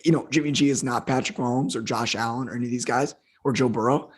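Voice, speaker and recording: Hoarse man ranting about football. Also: medium pitch, fairly even intonation, fast. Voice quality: husky. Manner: heated, profane ranting. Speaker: football analyst co-host. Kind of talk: casual podcast chat.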